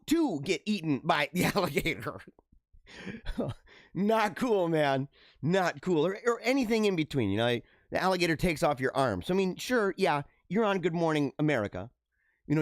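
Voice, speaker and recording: Male podcast host riffing on odd news in a lively, slangy way, fairly high voice, dry and close to the mic. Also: no echo. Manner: animated, slangy, laughs often. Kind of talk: casual news commentary.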